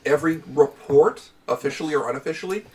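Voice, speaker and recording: A man's voice: a little high, fast talker, a little mellow, far from the mic, slight background noise. A man playing a tabletop game, cracking teasing jokes. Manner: wisecracking, teasing. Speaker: player. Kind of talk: casual game chat.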